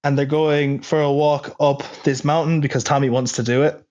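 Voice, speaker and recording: A man's voice: fairly high pitch, little pitch movement, normal speed, darkish tone, highs cut off. A man hosting a casual film podcast, laughing often and swearing as he retells scenes. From Ireland. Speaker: podcast host.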